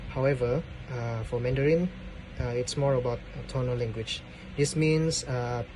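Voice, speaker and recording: A man delivers a student class presentation in a hesitant way, pausing with fillers as he goes. His voice sits at a middling pitch. Clear traffic and street noise run behind him.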